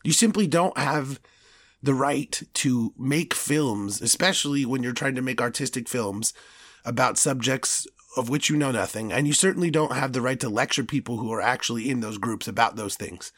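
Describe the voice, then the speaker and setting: A man's voice: medium pitch, normal speed, a bit bright, dry recording, studio quality. A man hosting a solo podcast, ranting with passion and stammering into restarts when he gets worked up. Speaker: podcast host. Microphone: studio podcast mic.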